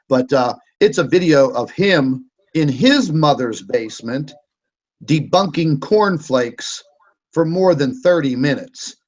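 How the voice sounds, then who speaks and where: A man's voice: mid-range voice, muffled recording. A man hosting a casual online panel chat over a video call, talking in a meandering, hesitant and sarcastic way. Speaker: show host.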